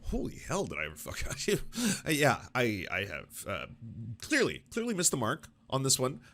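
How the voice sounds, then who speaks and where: A man's voice: medium pitch, moderate pace. A man hosting a political commentary show, reacting in a casual, profane, self-mocking way. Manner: animated, profane, self-mocking, switches into mock voices.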